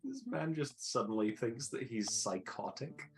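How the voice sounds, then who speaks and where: A man's voice: medium pitch, huge pitch swings, a little slow, darkish tone, soft background music. A man playing a tabletop game, making wry, joking remarks. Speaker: player. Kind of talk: casual tabletop game play.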